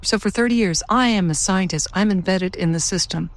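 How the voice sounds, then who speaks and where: A woman's voice: medium pitch, a little fast, no room sound. A middle-aged woman scientist telling her field experiences in a candid, conversational interview. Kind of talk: documentary interview.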